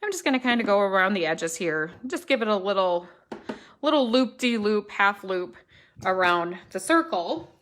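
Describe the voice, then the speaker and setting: A middle-aged woman talks through a live card-making demonstration. She has a mid-range voice and a chatty, easygoing delivery. She thinks out loud and corrects herself as she works. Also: medium pitch, a little hiss or hum. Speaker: stamping demonstrator.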